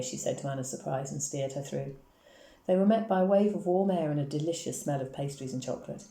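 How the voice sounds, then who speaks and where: Woman reader, low mellow voice, quick steady storytelling, roomy echo. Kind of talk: reading a novel aloud. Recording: echoey room.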